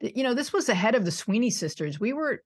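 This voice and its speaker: A woman's voice: fairly high pitch, big pitch swings, quick pace, slightly rough. A woman in her sixties from upstate New York, chatting as a podcast guest, self-deprecating and laughing often. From United States (suburban Buffalo, New York). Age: 60s. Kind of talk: casual interview chat.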